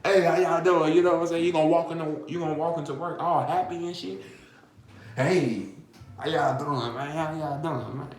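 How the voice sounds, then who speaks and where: A man acting as a loud, cheerful worker. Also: on the high side, fairly even intonation, moderate pace, echoey room, slight background noise, natural voice. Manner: loud, bright, friendly greetings. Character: cheerful upbeat male worker greeting customers.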